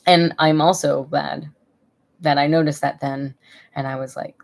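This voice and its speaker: A woman's voice: deep voice, steady tone, measured pace, gravelly. A woman in her thirties chatting casually on a live stream from home, rambling and emotional, laughing often. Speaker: vlogger.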